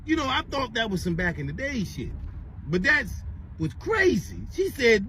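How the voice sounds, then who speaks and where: A man's voice: very high voice, normal speed, slight background noise, low-quality recording. Profane rambling man vlogging from his car. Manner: rambling, profane, animated retelling. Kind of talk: casual storytelling rant. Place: in a car on the way to work.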